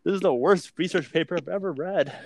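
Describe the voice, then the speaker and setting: A man's voice: on the high side, a little fast, creaky, a little mellow. A young male student in casual chat, blunt and profane, often restarting his sentences. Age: young adult. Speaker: university student. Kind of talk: casual chat among friends on a call.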